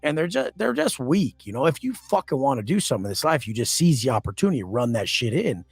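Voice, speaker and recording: A gravelly, husky, mid-pitched voice with a sing-song lilt rattles off profane stories quickly in a podcast interview. The guest is blunt and aggressive, acting out quoted confrontations, and the recording is dry.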